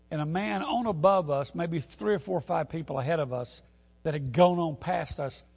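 Man, preacher, sermon, gravelly, husky, storytelling, loud emphatic peaks. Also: fairly high pitch.

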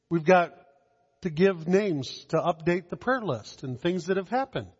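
A man preaching a communion sermon, slow and measured, with dramatic pauses and soft drops in his voice. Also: sits high. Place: church hall. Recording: dull sound in a long-echoing hall.

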